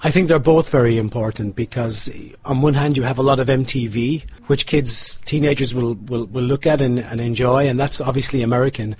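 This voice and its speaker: An Irish man with a husky, mid-range voice. He speaks hesitantly and often repeats words while he searches for them. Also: mid-range voice, fairly even intonation, fairly quick, few pauses, darkish tone. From Republic of Ireland. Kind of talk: short unscripted statement.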